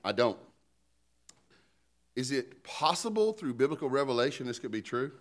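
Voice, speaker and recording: A man's voice: mid-range voice, sing-song, normal speed. A man preaching a sermon in a conversational, joking style, calling out to the congregation for responses and an amen. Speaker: pastor.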